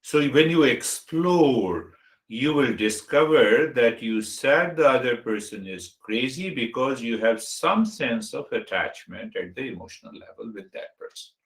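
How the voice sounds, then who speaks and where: A spiritual teacher gives a meditation talk, a man speaking deliberately and listing words one at a time. His medium-pitched voice is expressive, and the recording has a roomy echo.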